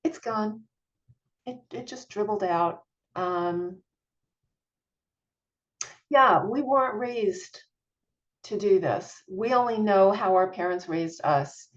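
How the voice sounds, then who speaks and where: A woman's voice: medium pitch, takes it slowly, pauses often, muffled recording. A middle-aged woman, a parent coach, giving an online masterclass in an earnest, encouraging, chatty way with small laughs.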